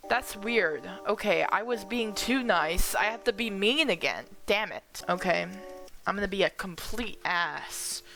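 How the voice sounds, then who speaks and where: Slow-talking woman streamer over music. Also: medium pitch, animated, bright, forceful tone. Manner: blunt, swears freely, reacts to the game. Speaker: let's play streamer. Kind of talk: casual gameplay commentary. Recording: phone-like line with music behind.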